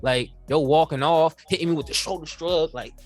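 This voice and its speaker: A man's voice: a little high, brisk, darkish tone, no echo, soft background music. A young man on a podcast, telling a story in casual slang and acting out the quoted lines as he goes. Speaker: podcast co-host.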